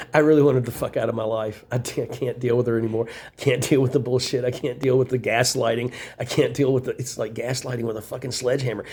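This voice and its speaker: A man's voice: medium pitch, steady tone, a little fast, darkish tone, husky. A middle-aged man in a rambling, profane monologue, venting bitterly from a small room in a shelter. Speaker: vlogger.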